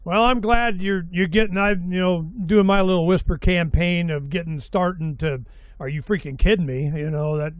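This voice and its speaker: An older man in his sixties with a high voice hosts a casual interview. He rambles, gets excited and swears freely. The sound is dry and close. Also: normal speed, hardly any pauses, clear, resonant tone, dry recording. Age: 60s. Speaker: host.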